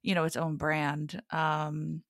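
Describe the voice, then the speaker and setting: A woman's voice: low-pitched, completely flat delivery, slow, a bit bright, no echo, clean studio sound. A woman co-hosting a casual podcast chat, playful and enthusiastic, laughing often. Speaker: podcast co-host.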